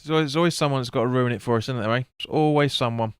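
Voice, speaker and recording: Man, football watch-along streamer, blunt and sweary, smooth clear voice, dry close sound. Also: mid-range voice, rapid-fire, no room sound. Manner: blunt, sweary, chatty with viewers. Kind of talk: live match commentary and chat reading.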